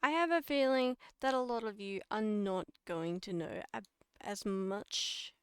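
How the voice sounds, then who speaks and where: A woman's voice: medium pitch, a little slow, clear, resonant tone, no room sound, clean studio sound. Chatty Australian woman giving a stream lecture. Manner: chatty, laughs at herself and corrects slips. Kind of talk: casual livestream lecture.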